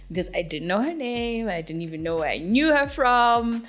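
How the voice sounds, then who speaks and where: A woman's voice: a little high, animated, brisk, hardly any pauses. A young woman from Zimbabwe, a singer-songwriter, answering interview questions in a chatty, giggly way with lots of fillers.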